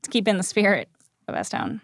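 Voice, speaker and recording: A woman co-hosting a podcast in casual chat, wry and quick to laugh. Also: mid-range voice, big pitch swings, no echo, clean studio sound. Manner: chatty and wry, laughs often. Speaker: podcast co-host. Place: shared recording room.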